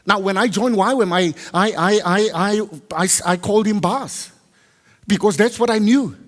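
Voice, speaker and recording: A South African man preaching a sermon, telling a personal story and acting out the dialogue with lively, loud character voices. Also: sits high, moderate pace. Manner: switches between Afrikaans and English, acts out dialogue loudly. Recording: long hall reverb.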